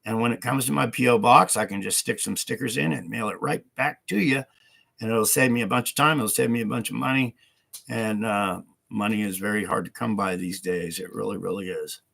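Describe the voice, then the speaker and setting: Gravelly-voiced man chatting on a livestream. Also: fairly low pitch, a little fast, pushed and bright. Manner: rambling, repetitive, filler-heavy. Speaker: livestream host. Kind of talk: casual livestream chat.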